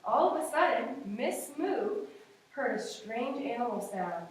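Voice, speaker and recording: A young woman reads a picture book aloud to children in a classroom, encouraging and sing-song. Her fairly high voice swings widely, and it comes from far off in a very echoey room. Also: big pitch swings, measured pace. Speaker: student teacher.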